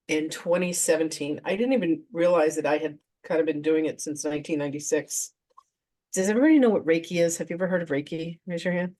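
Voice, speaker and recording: A woman's voice: sits low, darkish tone. A woman who works as a spiritual teacher, telling a personal story to a live audience in a chatty, casual way and acting out her own past reactions. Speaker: spiritual teacher and trance channel.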